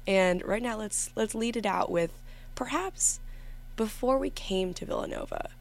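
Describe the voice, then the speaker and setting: A young woman hosting a college radio show in a studio, chatting casually with giggles, rambles and self-corrections, sometimes a bit monotone. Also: medium pitch, measured pace, gravelly. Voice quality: somewhat monotone at times. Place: empty radio station studio.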